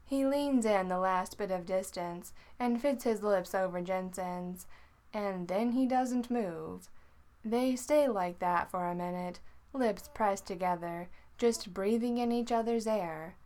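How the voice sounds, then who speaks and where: A woman reading a story aloud in an unhurried, informal way. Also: mid-range voice, darkish tone. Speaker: narrator.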